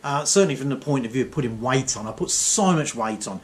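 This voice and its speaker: A man's voice: medium pitch, animated, fast talker. A middle-aged man telling a comic story in a chatty, wry way, full of asides and tag questions. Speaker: vlogger. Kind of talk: casual comic storytelling monologue.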